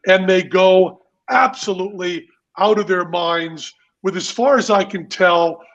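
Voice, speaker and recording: A man's voice: sits high, a little slow, a bit bright, dull audio. A man telling stories as a podcast guest in a casual chat, emphatic, theatrical and sometimes profane.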